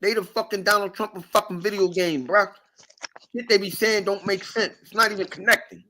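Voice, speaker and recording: High-voiced man ranting profanely. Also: brisk, slight background noise. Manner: profane, animated, repetitive ranting. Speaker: podcast host. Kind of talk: casual ranting chat.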